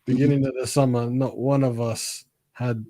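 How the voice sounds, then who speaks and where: A man's voice: medium pitch, level tone, normal speed, mellow, no echo. A man in a casual football chat, blunt about his views and laughing between points.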